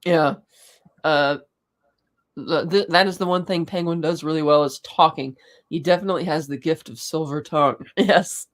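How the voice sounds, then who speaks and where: A podcast co-host in a loose, rambling recap, full of ums, restarts and quick chuckles. The talk is casual and profane, with characters' lines acted out in the middle of sentences. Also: medium pitch. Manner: rambling, profane, acts out quotes; frequent fillers and restarts, chuckles.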